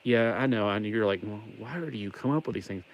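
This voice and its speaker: A man's voice: lowish voice, quick pace. A man with a mild Southern American accent chatting casually as he builds a toy set on a livestream, rambling and making wordplay jokes. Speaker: livestream host. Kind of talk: casual live building chat.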